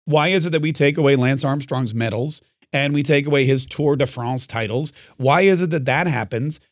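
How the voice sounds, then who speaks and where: An opinionated male talk radio host argues in quick, combative bursts, restarting his sentences often. His voice sits in a middle pitch and sounds dry and close, with no room around it. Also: no room sound.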